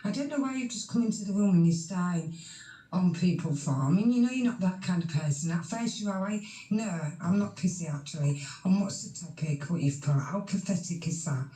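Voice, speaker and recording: A woman's voice: fairly low pitch, lively intonation, brisk, dark tone, reverberant. A woman in a heated casual voice chat, blunt and sweary as she tells someone off. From Yorkshire, England. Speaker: voice chat participant.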